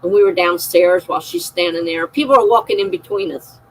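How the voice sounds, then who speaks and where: A woman's voice: on the low side, brisk, rough recording. A middle-aged woman streaming a personal, emotional monologue, confiding and circling back on herself as she talks. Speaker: live streamer.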